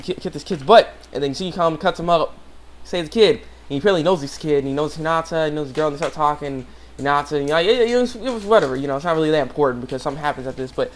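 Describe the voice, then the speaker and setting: Guy rambling about an anime episode, lots of um and like, slightly high voice. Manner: rambling, many fillers and restarts, acts out characters' lines. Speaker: anime reviewer. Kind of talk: casual spoken review. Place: home room with a dog nearby.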